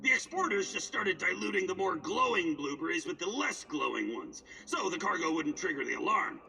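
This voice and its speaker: A gravelly, husky male stalker, crude and swaggering, his pitch jumping all over as he spins a yarn. The voice sounds bright and comes from off the mic, as game audio. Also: big pitch swings, brisk, distant mic, soft background music, heavily acted, rough recording. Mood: storytelling. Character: coarse boastful male stalker, streetwise storyteller. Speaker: game character.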